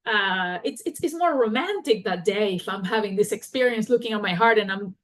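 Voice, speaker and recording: A woman hosting a podcast, telling a personal story in a candid, halting and expressive way. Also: medium pitch. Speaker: podcast host.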